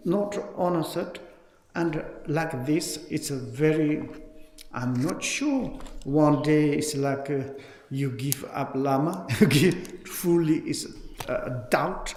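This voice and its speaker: Tibetan accent guy giving a dharma talk, slow and a bit high, broken english, big echoey hall. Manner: halting non-native English, animated storytelling. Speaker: Buddhist teacher. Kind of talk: Dharma teaching with stories. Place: large teaching hall at a retreat. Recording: echoey hall, long reverb.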